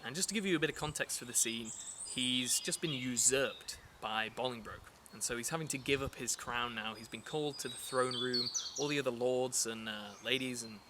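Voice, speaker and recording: A man teaching a lesson in a relaxed, chatty way, with frequent fillers and restarts. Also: mid-range voice, normal speed, slight background noise. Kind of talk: casual explanatory lesson.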